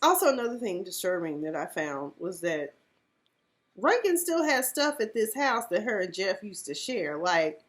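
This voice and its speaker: A woman's voice: mid-range voice, very animated, normal speed, fairly bright tone. A woman giving casual, profane commentary on a reality TV episode, emphatic and outspoken.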